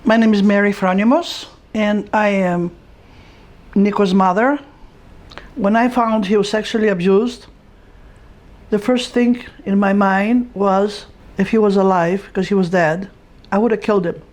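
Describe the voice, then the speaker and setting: A woman, the player's mother, giving measured personal testimony in an interview with simple, blunt phrasing. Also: medium pitch, fairly even intonation, darkish tone.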